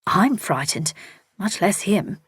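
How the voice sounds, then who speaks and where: A woman voicing a timid, frightened young woman who speaks in hushed, breathy tones in a storybook reading. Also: mid-range voice, animated, slow pace, no echo, clean studio sound, exaggerated voice. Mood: anxious.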